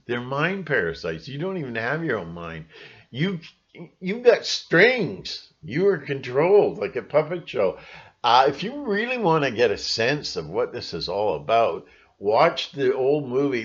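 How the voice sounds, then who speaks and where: A man talks to his viewers in a rambling, emphatic way, stopping and restarting his thoughts often. His voice sits at an ordinary middle pitch. The recording sounds slightly dull and lo-fi. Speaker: channel host. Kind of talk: monologue to camera.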